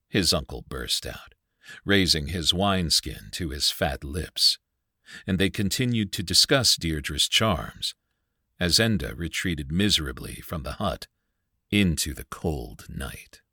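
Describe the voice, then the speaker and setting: A man narrating a dark folk tale as scripted audiobook narration, dramatic and measured. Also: deep voice, husky, dry recording, clean studio sound.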